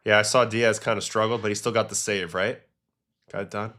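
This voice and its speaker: A man, a former pitcher, hosting a casual livestream, chatting and reacting to baseball clips and chat questions. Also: steady tone, fairly quick, sharp tone.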